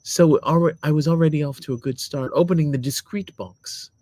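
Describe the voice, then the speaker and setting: A man's voice: a little high, moderate pace, mellow, no room sound, natural voice. A man doing a chatty gossipy mom. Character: chatty mother, a woman reviewing a gadget.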